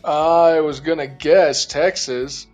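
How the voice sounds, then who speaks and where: A man being interviewed as a guest, speaking in a relaxed, easygoing way and laughing along. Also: on the high side, slow pace, soft background music. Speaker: interview guest, group organizer. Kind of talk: casual interview conversation.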